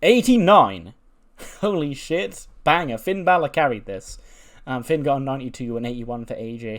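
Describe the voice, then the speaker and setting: Laid-back man commentating a game. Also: medium pitch. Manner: laid-back, swears, laughs at results. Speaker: gaming channel host. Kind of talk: casual commentary on a wrestling sim playthrough.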